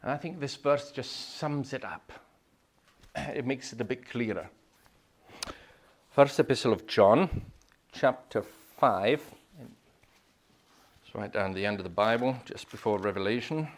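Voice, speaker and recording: A man preaching a sermon, swinging between loud proclamations and hushed whispers. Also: medium pitch, unhurried, long pauses.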